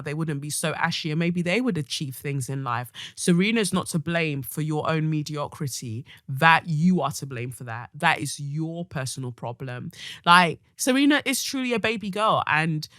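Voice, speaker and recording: A woman's voice: low voice, animated, moderate pace, fairly bright tone, no echo, clean studio sound. Blunt, fiery woman podcast host. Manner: blunt, passionate, comic ranting. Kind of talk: solo podcast monologue, reading a listener letter.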